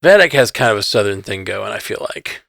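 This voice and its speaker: A man's voice: lowish voice, expressive, brisk, vocal fry, a bit bright, dry recording, clean studio sound. A man co-hosting a podcast in casual chat, easygoing, laughing often and trailing off mid-thought. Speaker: podcast co-host.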